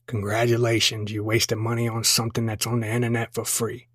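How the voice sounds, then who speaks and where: A man's voice: medium pitch, completely flat delivery, brisk, no room sound, clean studio sound, natural voice. A man voicing a grumpy middle-aged dad who mutters rude insults.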